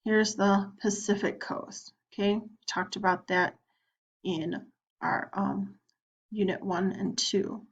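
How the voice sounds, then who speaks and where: A woman's voice: medium pitch, fairly even intonation, slow pace, slightly rough. Casual woman teacher clicking thru an online lesson, chatty, muffled lo-fi recording. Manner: chatty, plays both student and teacher. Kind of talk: screen-recorded lesson walkthrough.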